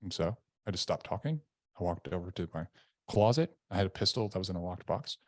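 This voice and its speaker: A man's voice: sits low, animated, fairly quick, no echo, clean studio sound. A man, a podcast guest, earnestly recounting a personal story in candid conversational detail. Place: indoor room.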